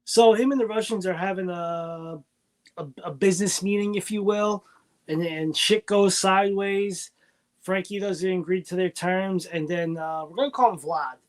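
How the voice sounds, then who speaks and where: A man's voice: sits high, steady tone, normal speed. A man co-hosting a casual comic book review show, crude and joking as he recaps the story. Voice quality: crude, joking, playful paraphrasing. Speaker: podcast co-host.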